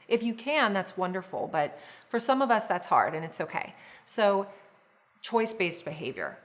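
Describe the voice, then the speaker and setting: A woman therapist teaching a course on relationships, speaking in a calm, measured, explanatory way with frequent small restarts. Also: medium pitch. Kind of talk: instructional talk to camera.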